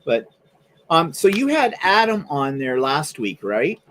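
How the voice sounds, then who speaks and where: A man's voice: a little high, measured pace, slight background noise. A middle-aged man from Canada, a livestream host telling stories in casual chat and acting out the voices of the people he quotes. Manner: animated storyteller, acts out quoted voices.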